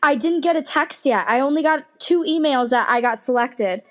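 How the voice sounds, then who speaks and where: A woman's voice: sits high, normal speed. A young woman co-hosting a podcast, chatting casually with friends, swearing freely and hiccuping. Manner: chatty, swears freely, reads posts aloud. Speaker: podcast co-host. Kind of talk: casual chat. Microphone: headphones with mic.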